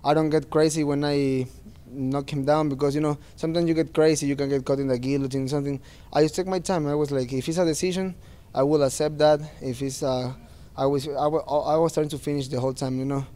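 Earnest man, warm higher voice. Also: steady tone, quick pace, few pauses. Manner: earnest, plain-spoken, non-native phrasing. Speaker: fighter. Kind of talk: post-fight press interview.

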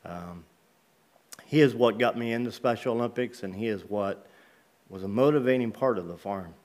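A man's voice: lowish voice, moderate pace, a little mellow. A middle-aged man from Ohio, a guest speaker in church, telling a personal faith story in a folksy, plain-spoken way with many ums. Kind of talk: personal testimony sermon. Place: church sanctuary.

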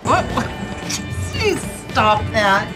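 A woman's voice: fairly high pitch, sing-song, drawn-out words, music in the background. An older woman, a comedian's mother, talking in a dry, unimpressed way.

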